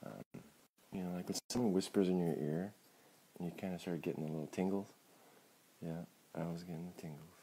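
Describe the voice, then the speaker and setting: Deep, gravelly man chatting on a livestream. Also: brisk, mellow, a little hiss or hum. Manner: rambling, with laughs and apologies. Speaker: livestream host. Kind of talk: casual late-night livestream chat. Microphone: phone.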